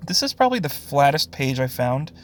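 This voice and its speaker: A man's voice: mid-range voice, very animated, a little fast. A man giving a casual spoken review of a comic book, sarcastic, with frequent sighs, short laughs and fillers.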